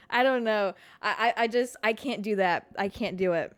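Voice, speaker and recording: A young woman hosting a casual solo podcast from her couch at home, talking in an animated, expressive way and swearing a lot. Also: medium pitch, normal speed, few pauses, no room sound, faint music behind. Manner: animated and expressive, heavy swearing, frequent "like" fillers. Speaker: podcast host.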